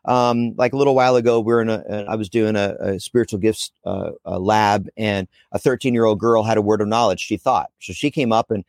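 A man's voice: fairly low pitch, fairly even intonation, fairly quick, few pauses, a little mellow, no echo. Guy rambling on a podcast, restarts a lot, dry close mic, dry jokes. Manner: rambling, self-correcting, joking. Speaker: guest speaker. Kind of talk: casual podcast conversation.

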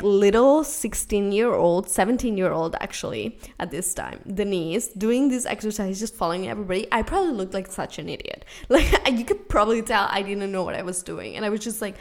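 Lively Spanish-accented woman telling stories. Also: medium pitch. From Spain. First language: Spanish and Catalan. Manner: animated, laughing often between phrases. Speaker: podcast host. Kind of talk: casual personal storytelling.

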